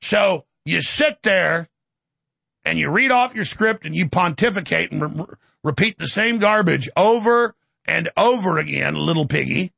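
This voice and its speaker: Brief: male talk host, ranting and sarcastic, high voice with gravelly fry, dry close sound. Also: expressive, bright, forceful tone, no echo. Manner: combative, sarcastic, rapid-fire. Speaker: show host. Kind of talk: ranting political commentary.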